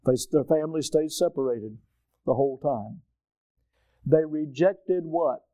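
Emphatic preacher with a mellow tone. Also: male voice, fairly high pitch, a little slow, clean tone, no echo. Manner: emphatic, asks the congregation questions, surges loud on key points. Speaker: pastor. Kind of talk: preaching a sermon.

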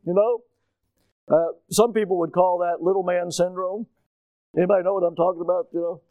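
A middle-aged male preacher telling a personal story in a sermon, animated, moving from quiet asides to loud shouting, his throat strained. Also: high voice, moderate pace, no echo.

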